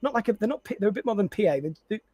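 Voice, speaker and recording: A high-pitched man chatting on a podcast, telling a story with lots of energy, laughing between lines and restarting his sentences. The sound is close and dry, with no room echo. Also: rapid-fire. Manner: animated storyteller, laughs often, many restarts. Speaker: podcast co-host and content creator. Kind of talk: casual chat.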